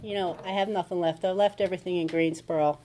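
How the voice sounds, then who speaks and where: A woman's voice: fairly low pitch, steady tone, fast, warm tone, slight background noise. A woman speaking at a recovery meeting, telling her story in a casual conversational way and acting out what people said. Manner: conversational storytelling with acted-out quotes. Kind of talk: personal testimony talk.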